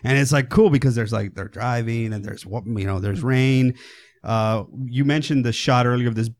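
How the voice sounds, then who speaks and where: A man co-hosting a casual film discussion podcast, talking in an animated way, swearing and acting out quotes. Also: mid-range voice, moderate pace. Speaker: podcast co-host.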